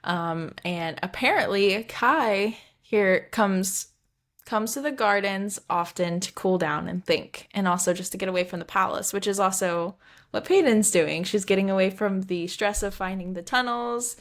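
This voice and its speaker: A woman's voice: medium pitch, measured pace. Young woman podcast co-host, casual chatter, rambling delivery, mid-range voice. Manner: chatty and rambling, trips over words. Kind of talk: casual book-discussion chat.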